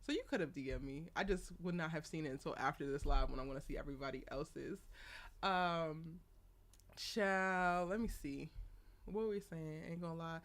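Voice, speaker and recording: A woman's voice: sits low, normal speed. A young woman hosting a casual live stream, chatty and laughing often as she greets viewers by name. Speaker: live show host.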